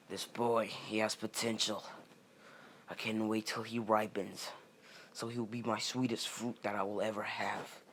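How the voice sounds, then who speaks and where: A man's voice: fairly low pitch, fairly bright tone, slight background noise. A young man voicing a scheming older male snake ninja who talks about his wants with a creepy, covetous manner.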